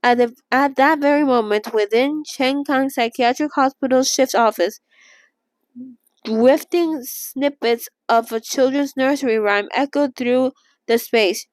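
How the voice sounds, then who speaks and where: A young woman reading a novel aloud in a casual read-along and reacting emotionally, with halting restarts and gasps. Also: sits high, no room sound.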